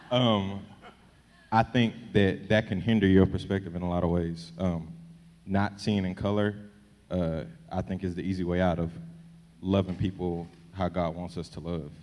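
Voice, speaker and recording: A man from Texas speaking candidly and personally on a church panel, relaxed and loose. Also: low voice, unhurried, long reverb tail, slight background noise. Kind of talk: panel discussion.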